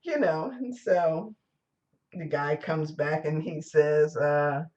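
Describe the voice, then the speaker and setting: A woman giving a relaxed, conversational sermon to her congregation. She rambles and circles back on herself, stacking fillers and restarts as she goes. The talk is captured live during a church service. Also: sits low, takes it slowly, dull audio. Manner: rambling, chatty storytelling with many fillers and restarts. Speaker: church speaker.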